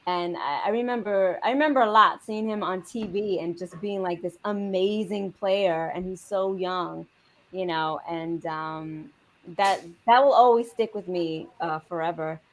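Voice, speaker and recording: A woman's voice: on the low side, measured pace, a little hiss or hum. A woman guest on a casual panel show, speaking hesitantly with many fillers.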